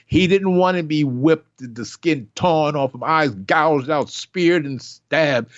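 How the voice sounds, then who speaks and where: A man's voice: medium pitch, measured pace, few pauses. An older man preaching an impassioned sermon, emphatic and repetitive, acting out the voices he quotes. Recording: dull lo-fi recording.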